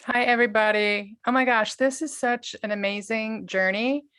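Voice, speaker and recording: A woman's voice: a little high, moderate pace, fairly bright tone, no room sound. A woman mentor giving an earnest, enthusiastic testimonial on a video call.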